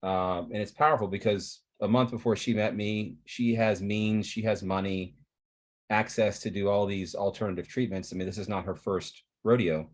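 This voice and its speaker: A man speaks earnestly over a video call, his voice sitting a little low for a man. He rambles through his explanation, stopping to restart his sentences as he goes. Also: steady tone, normal speed. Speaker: therapy provider presenting on a video call.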